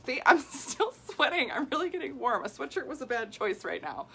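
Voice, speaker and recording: A woman in her forties, a women's health coach, talking casually in a live video, animated and worked up as she answers viewer comments. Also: high-pitched, brisk, gravelly, slightly rough. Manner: animated and worked up, laughing, acting out quoted people.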